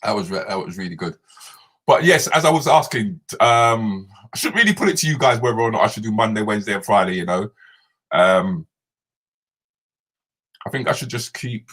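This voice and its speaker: A man's voice: on the low side, lively intonation, normal speed, sharp tone. A man hosting a casual live stream, chatting and laughing as he answers viewer comments.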